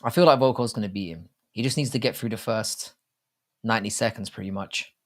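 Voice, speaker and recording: A fairly low-pitched man speaks fairly quickly on his live stream, casually chatting about fight betting. He wanders, jokes crudely and keeps restarting his thoughts.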